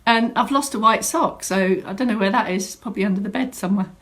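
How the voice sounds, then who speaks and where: Quick-paced and a bit bright, a woman with a medium-pitched voice kicks off a live online fitness class. Streaming from a home room turned studio, she chats warmly and greets viewers by name.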